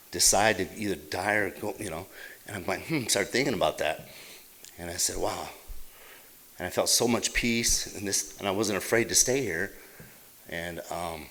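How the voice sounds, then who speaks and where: A middle-aged man from Utah telling his recovery story at a meeting, halting and plain-spoken, with many fillers and restarts. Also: lowish voice, a bit bright. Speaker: AA meeting speaker. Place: meeting hall.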